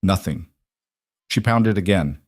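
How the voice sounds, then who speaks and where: A man narrating a story in a measured, scripted audiobook style. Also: sits low, animated, no echo, studio quality.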